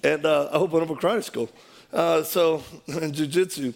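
A man telling a personal story in an animated way, acting out the quoted voices and laughing as he goes. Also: fairly high pitch, moderate pace, vocal fry.

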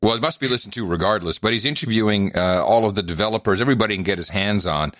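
A man hosting a podcast in casual chat, his voice at a middle pitch. He is animated, laughs often and leaps into high, excited tones, heard dry and close to the mic. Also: very fast, no room sound. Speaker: podcast host.

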